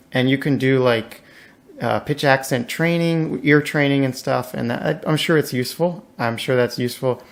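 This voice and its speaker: A man, a guest in a casual interview, talking in a laid-back, slangy way with lots of "like". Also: mid-range voice.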